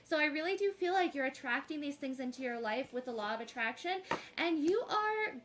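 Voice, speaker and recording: A woman's voice: high voice, expressive, a little fast, noisy background. A woman giving tarot readings on a casual livestream, gushing and affectionate as she greets viewers. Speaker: tarot reader streaming live.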